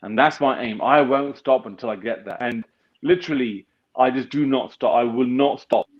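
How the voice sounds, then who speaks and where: A UK business founder, appearing as an interview guest, delivers a blunt, emphatic motivational talk and swears freely. His voice is mid-range at a normal speed, captured with dull lo-fi sound.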